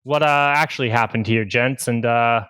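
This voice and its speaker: A man voicing a gruff, stern, suspicious old farmer who scolds his apprentice. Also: mid-range voice, fairly even intonation, moderate pace, pushed and bright, dry recording, clean studio sound, natural voice.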